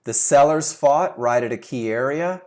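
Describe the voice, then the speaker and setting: A man with a mid-range, somewhat dark voice talks at normal speed while teaching a live trading webinar over his computer microphone. He keeps asking rhetorical questions and repeats the important points for emphasis.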